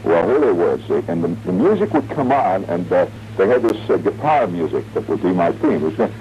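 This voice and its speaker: A man's voice: low voice, sing-song, a little fast, few pauses, faint music behind. A man in his forties telling a long, wry, rambling story as a radio host, humming tunes and mimicking sounds along the way. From American Midwest. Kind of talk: late-night radio monologue. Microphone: studio radio mic. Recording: dull, muffled 1970s radio broadcast with faint hiss.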